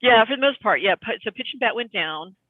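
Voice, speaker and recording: A man co-hosting a podcast, telling stories in an animated, rambling casual chat. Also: high voice, a little fast, dry recording. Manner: animated storyteller, rambling with restarts. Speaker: podcast co-host. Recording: tinny phone-like line.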